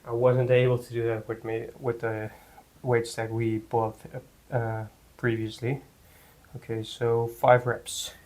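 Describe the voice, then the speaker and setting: A man giving a casual workout talk in his home gym, halting with many fillers and out of breath between sets. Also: mid-range voice, monotone, darkish tone, low-quality recording. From Netherlands. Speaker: fitness vlogger.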